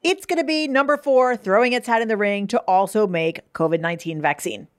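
A woman co-hosting a casual podcast, talking in an animated, loose way with plenty of swearing. Her pitch sits in an ordinary middle range. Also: fairly quick. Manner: animated, curse-laden banter. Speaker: podcast co-host. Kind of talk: casual chat.

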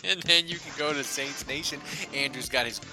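A man's voice: on the high side, normal speed, bright, forceful tone, faint music behind, low-quality recording. A man hosting a casual sports podcast, chatting loosely and laughing with his co-hosts. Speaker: podcast host.

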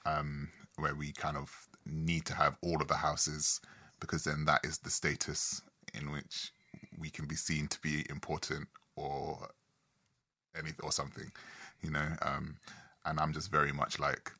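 A man's voice: extremely low pitch, monotone, unhurried, pushed and bright, breathy edge. A man hosting a casual conversation, rambling and reflective with frequent restarts. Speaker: podcast host.

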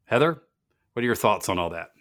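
This business podcast host has a fairly low, fairly bright voice with a sing-song, brisk delivery. He tells stories earnestly, repeating words emphatically.

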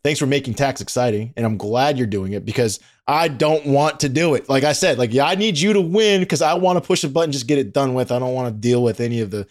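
A man hosting a podcast interview, energetic and enthusiastic, peppering his talk with "like". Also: medium pitch, quick pace, hardly any pauses. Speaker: podcast host.

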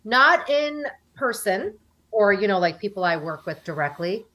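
A woman's voice: medium pitch, very animated, measured pace, bright, forceful tone, dull audio. A woman in her forties from the United States, chatting animatedly as an interview guest and acting out what other people said. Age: 40s. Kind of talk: casual interview chat.

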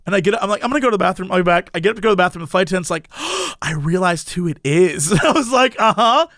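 A man's voice: high voice, racing, no room sound, clean studio sound. A man chatting casually on a podcast, telling a story with lots of laughs and playing out the other people's lines himself. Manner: animated, laughs often, acts out quoted voices.

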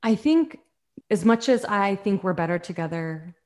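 A woman's voice: mid-range voice, lively intonation, normal speed, darkish tone. A woman who works as a coach, talking earnestly and reflectively in a conversation about self-acceptance. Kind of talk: podcast conversation.

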